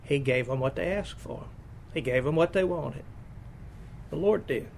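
A man's voice: on the high side, measured pace, vocal fry, darkish tone. A man preaching a sermon, reading scripture aloud and stopping to explain it in plain asides. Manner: reads King James verses then explains them in plain asides.

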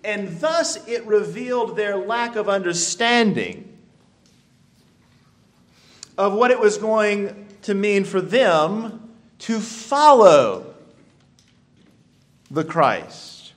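A man preaching a sermon, stretching out key phrases with deliberate emphasis. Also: high voice, animated. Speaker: pastor.

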